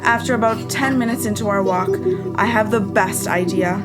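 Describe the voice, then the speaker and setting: A woman reading a scripted horror story in a calm, measured storytelling manner. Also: medium pitch. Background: loud music.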